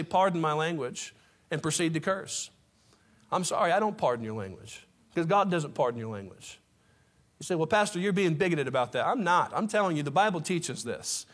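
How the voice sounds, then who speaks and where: A man preaching a sermon to his congregation, impassioned, with folksy asides to the room. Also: high voice. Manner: impassioned, rising to near shouts. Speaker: pastor.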